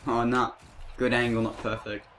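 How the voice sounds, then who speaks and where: A man's voice: mid-range voice, flat delivery, moderate pace, a bit bright. A young man playing a sports game with friends, teasing and laughing a lot. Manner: joking, teasing, laughing often. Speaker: gamer. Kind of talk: casual gaming banter.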